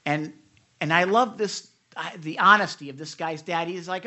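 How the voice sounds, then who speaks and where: This lively devotional sermon features a preacher recounting scripture and directly questioning listeners, with many repeated openings. He speaks at an ordinary pace in a mid-range voice.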